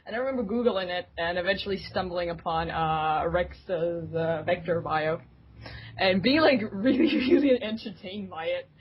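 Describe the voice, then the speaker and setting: A young woman chats as a podcast guest, giggling often and slipping into playful voices as she tells a story. Her voice is a little husky, and the lo-fi recording sounds dull. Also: on the low side. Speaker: guest, fan site staff member. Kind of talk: casual podcast chat. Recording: dull lo-fi remote audio.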